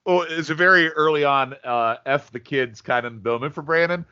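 A man in his thirties, a guest on a podcast, chatting in an animated, incredulous way. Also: fairly high pitch, normal speed, smooth, dull audio. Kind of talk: casual chat about a TV episode.

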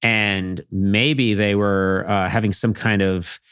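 Animated comic storyteller, middle-aged man. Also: on the low side, slow pace, clear, resonant tone, no echo, clean studio sound. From Massachusetts. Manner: animated, swings into playful character voices. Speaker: podcast guest.

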